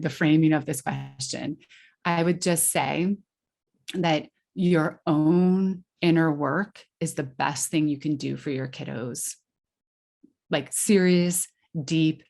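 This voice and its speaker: Earnest lower-voiced woman explaining parenting. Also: vocal fry, darkish tone. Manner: earnest, explanatory, frequent "like" and restarts. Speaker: podcast guest giving parenting advice. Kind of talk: conversational interview answer.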